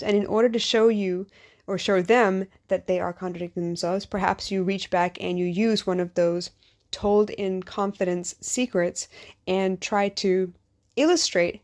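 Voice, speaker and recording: A woman's voice: fairly low pitch, darkish tone. A woman hosting a podcast as a life coach, talking in a candid, conversational monologue at three in the morning, a little tired and sharing personal stories. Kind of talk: casual late-night podcast monologue. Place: living in Singapore.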